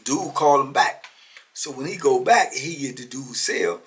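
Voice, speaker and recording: A man in his fifties telling a personal story in a casual, animated street style, full of slang and asides. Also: mid-range voice, a little slow. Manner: animated, laid-back slang, frequent "you know what I'm saying". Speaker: storyteller guest.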